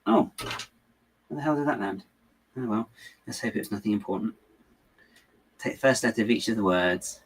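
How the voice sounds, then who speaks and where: A man's voice: lowish voice, lively intonation, moderate pace, long pauses, husky. A young man hosting a livestream, chatting in a rambling, self-amused way to viewers while building at home. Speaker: livestream host building LEGO. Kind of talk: casual chat while building.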